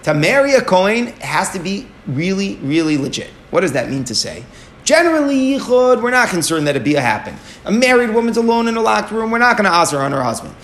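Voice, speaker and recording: Gravelly man explaining Talmud. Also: high-pitched, very animated, brisk, a bit bright. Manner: explains step by step, asking and answering his own questions; mixes Aramaic and Hebrew terms into his explanation. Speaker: Talmud teacher. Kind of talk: Talmud study lesson.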